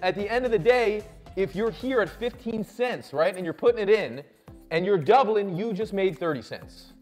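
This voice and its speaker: Hyped high-voiced man pitching business. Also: expressive, normal speed, faint music behind. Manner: loud, swearing, hyped, lots of "right?" and "okay?". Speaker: show host. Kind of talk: energetic motivational business talk.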